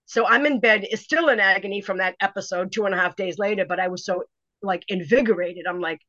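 A first-time author, a woman, recounts a dramatic story in a casual interview, restarting often in an animated way. Her medium-pitched voice moves fairly quickly. The audio is dry and slightly dull lo-fi with no room sound.

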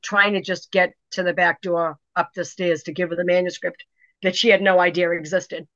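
Animated woman telling a story, dull dry sound. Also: lowish voice, dry recording. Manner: animated, dramatic retelling with many restarts. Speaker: interview guest, first-time author. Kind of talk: casual storytelling.

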